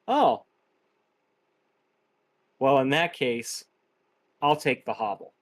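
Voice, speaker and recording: A man's voice: medium pitch, sing-song, takes it slowly. Chatty man co-hosting a game stream. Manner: joking, chatty, reads chat aloud. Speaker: streamer co-host. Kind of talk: casual stream chat.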